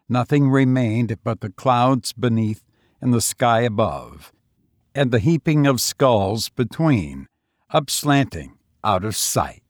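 A man reading a story aloud in a slow, measured, solemn manner. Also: medium pitch, no echo, clean studio sound. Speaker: narrator.

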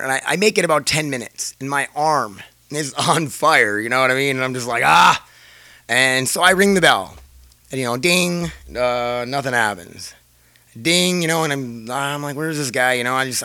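Man, casual storytelling to viewers, profane, laughs a lot, bright tone, dry close sound. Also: mid-range voice, no room sound. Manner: rambling, profane, laughs often. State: scratchy throat.

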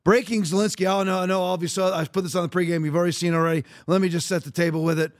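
High-pitched man giving blunt political commentary. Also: flat delivery, very fast. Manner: blunt, emphatic, rambling with restarts. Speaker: podcast host.

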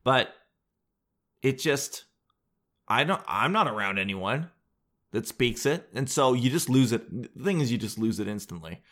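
A man's voice: medium pitch, expressive, unhurried, pauses often, a bit bright. A young man, vlogging in a joking, rambling monologue full of loose asides. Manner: joking, self-deprecating, meandering with loose asides.

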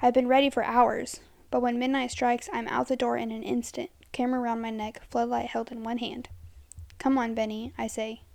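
A woman reading a first-person horror story aloud, steady and dramatic, sometimes dropping to hushed tones. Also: a little high, brisk, gravelly, few pauses, dry recording.

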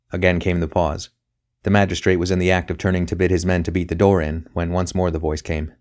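Brief: male narrator, very low voice, measured audiobook reading. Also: flat delivery, darkish tone. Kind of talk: scripted narration.

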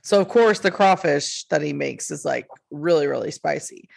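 Woman, gravelly creaky tone, casual podcast chat, rambling with lots of fillers. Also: deep voice, expressive, moderate pace, a little mellow. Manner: rambling, filler-heavy storytelling. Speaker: podcast co-host.

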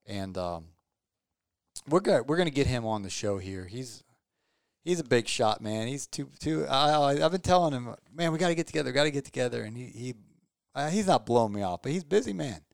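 A man's voice: mid-range voice, expressive, fairly quick, creaky, no echo, clean studio sound. A tired man hosting a casual podcast chat, rambling and repeating words, upbeat and joking. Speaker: podcast host.

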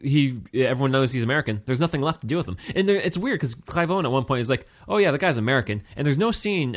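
A man co-hosting a casual movie review chat, rambling with many restarts and fillers. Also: mid-range voice.

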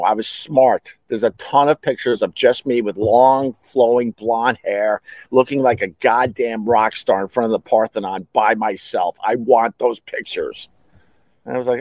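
Speaking at normal speed with a medium pitch and darkish tone, recorded without echo, a middle-aged man hosts a podcast. The former radio host rambles through his own stories solo, cursing and laughing at himself.

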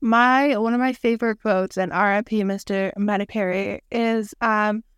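A young woman co-hosting a casual podcast chat, animated and quick to quote film lines. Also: medium pitch, smooth, no room sound, studio quality. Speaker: podcast co-host.

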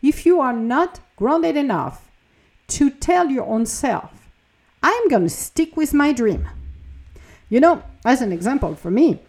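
A woman hosting a spiritual, motivational podcast, talking animatedly and acting out the voices she quotes. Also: on the high side. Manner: animated, self-talk, acts out quoted voices. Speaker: podcast host.

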